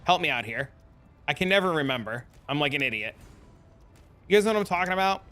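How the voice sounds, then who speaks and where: Bright-voiced rambling male streamer. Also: on the high side, animated, fast talker, soft background music. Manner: rambling storyteller, chats with viewers. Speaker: live streamer. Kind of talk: casual live-stream chat.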